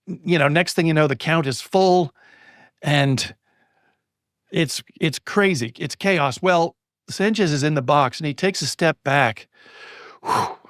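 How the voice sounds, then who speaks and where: A middle-aged man telling a personal anecdote as a guest on a podcast interview, building excitement as he goes. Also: on the high side, no room sound, studio quality. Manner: lively storyteller, building excitement. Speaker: guest speaker on storytelling.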